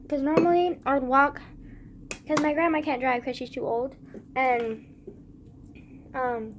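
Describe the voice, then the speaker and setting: High-voiced teen girl ranting while sick. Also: unhurried, long pauses, background noise. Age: teens. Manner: swearing, dramatic retelling. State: congested with phlegm. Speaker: vlogger. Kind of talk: casual rant.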